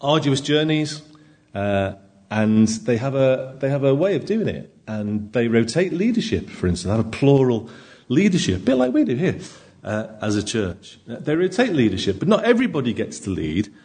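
A man's voice: medium pitch, big pitch swings, normal speed, darkish tone. A man preaching a conversational sermon in a church, asking his congregation frequent rhetorical questions. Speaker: pastor.

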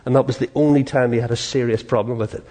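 A man preaching a sermon from slides, animated and chuckling, with swings from loud to hushed and frequent questions to the congregation. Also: mid-range voice, fast.

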